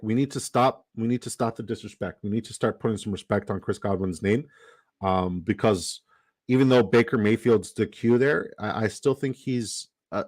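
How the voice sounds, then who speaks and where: A man giving casual livestream commentary while drafting, reading the chat aloud and swearing casually. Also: lowish voice. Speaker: fantasy football draft streamer.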